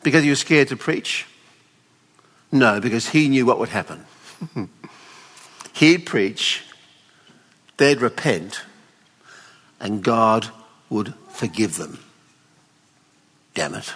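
A man preaching a sermon at a weekend away, expressive and pleading, often acting out the people in the story. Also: mid-range voice, takes it slowly, long pauses. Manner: expressive, voices the father pleading tenderly. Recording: long hall reverb.

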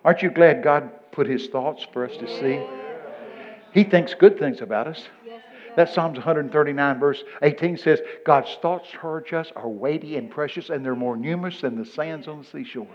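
A man, preaching a storytelling sermon. He jumps into high shouting voices for the people he quotes. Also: normal speed, muffled recording.

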